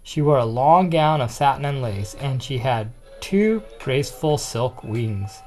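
A storyteller reading a children's picture book aloud in a steady, expressive way. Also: medium pitch, a little slow, soft background music.

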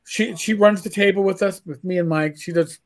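High-voiced man telling stories. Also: a little fast. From New York. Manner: stammering restarts, animated storytelling. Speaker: podcast host. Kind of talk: casual chat.

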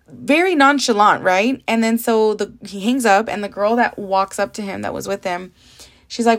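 A woman's voice: medium pitch, moderate pace. A young adult woman from the Southern California desert, hosting a casual solo podcast in a candid, chatty way that mixes in Spanish and swearing. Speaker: podcast host.

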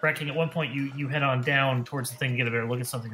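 Bright-voiced male game master. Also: medium pitch, steady tone, very fast, few pauses, a little hiss or hum. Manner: rambling, self-correcting, playful narration with many fillers. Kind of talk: narrating a tabletop game.

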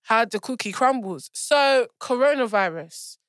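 A woman's voice: a little high, lively intonation, a little slow, a bit bright, no room sound, clean studio sound. A young woman with a slightly nasal voice, co-hosting a podcast with goofy, laughing banter. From Sierra Leonean heritage. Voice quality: slightly nasal, blocked-nose sound. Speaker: podcast co-host. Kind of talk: casual chat.

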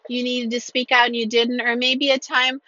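A woman's voice: a little high, little pitch movement, normal speed, sharp tone, dry recording. A woman telling a personal story in an earnest, emphatic way, repeating phrases to drive her point home. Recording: dull lo-fi recording.

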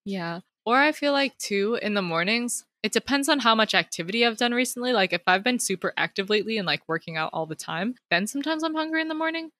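A woman's voice: a little high, lively intonation, fast, few pauses, bright, forceful tone, no room sound. A young woman, a teacher, chatting casually about a book on a review podcast, upbeat and full of "like" fillers.

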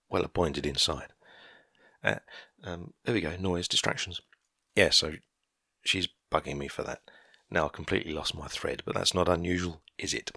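A man's voice: very deep voice, creaky, sharp tone, slightly rough, no echo, clean studio sound. A man in his fifties talks to his listeners in a casual, rambling solo monologue from his garden shed workshop. He wanders off topic easily and chuckles at himself. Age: 50s. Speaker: podcaster.

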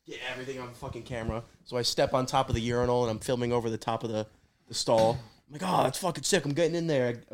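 A man's voice: mid-range voice, slight background noise. A young man, a podcast guest, telling a story about himself in a laid-back way, swearing freely and laughing at himself. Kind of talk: casual storytelling chat.

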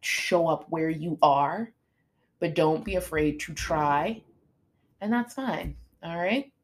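A woman's voice: low-pitched, slow pace. A middle-aged woman fitness coach hosting a podcast, talking casually and motivationally, acting out what her students say. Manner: chatty, animated, acts out her students' lines.

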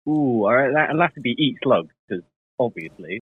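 A man's voice: medium pitch, expressive, moderate pace, breathy edge, dry recording, phone-quality sound. A British man in casual podcast chat who laughs often and talks easygoing.

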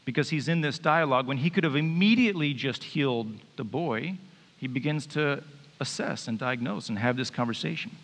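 A man's voice: mid-range voice, brisk, fairly bright tone. A man preaching a sermon, reading scripture and then talking it through in a conversational, joking way. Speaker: pastor. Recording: reverberant hall.

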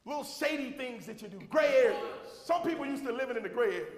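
A man preaching a sermon as pastor, with a Southern American accent, shouting and repeating refrains to a responding congregation. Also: very high voice, expressive, fast talker. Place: church sanctuary with congregation. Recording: echoey hall recording.

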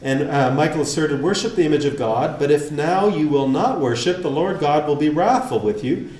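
A man's voice: fairly high pitch, lively intonation, normal speed, a little mellow. Man lecturing in a roomy echo. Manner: reads quotes aloud, then comments conversationally with rhetorical questions. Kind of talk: lecture-style podcast reading and commentary. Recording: roomy echo, faint ambience.

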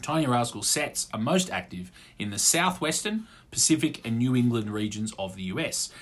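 A man's voice: mid-range voice, lively intonation, moderate pace, a bit bright. A man co-hosting a casual comedy podcast, joking around and reading facts aloud. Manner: jokey, reads facts aloud, does silly voices. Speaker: podcast co-host.

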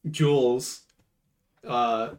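Animated man retelling a movie. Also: mid-range voice, very slow. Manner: animated, acts out quotes in raised voices. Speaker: podcast co-host. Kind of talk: casual chat, retelling a movie.

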